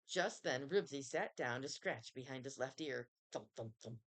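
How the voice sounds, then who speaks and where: A woman reading a children's chapter book aloud in an expressive storytelling manner. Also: a bass voice, moderate pace. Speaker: reader.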